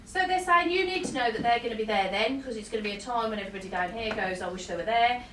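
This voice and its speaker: A woman with a fairly high, fairly bright voice talks fast as she gives a psychic reading to a live crowd. Her delivery is chatty, full of laughter and apologetic side remarks. A distant mic captures her in a roomy hall with a little faint noise.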